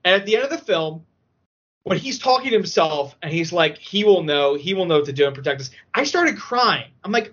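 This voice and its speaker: Excitable high-voiced man, husky and bright. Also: a little fast. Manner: excitable, emotional storyteller, many fillers. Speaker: podcast guest. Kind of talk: casual podcast chat. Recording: dull lo-fi audio.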